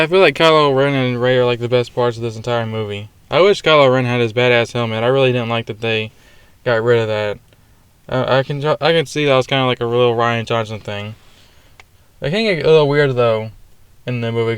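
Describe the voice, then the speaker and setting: A young man in a loose, ranting movie review, peppered with swearing and filler words. His voice is smooth and clear, and it is recorded dry and close with almost no room sound. He sits at a middling pitch for a man. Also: fairly bright tone, no room sound. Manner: ranting, profane, frequent fillers. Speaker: film reviewer. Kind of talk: casual spoken movie review.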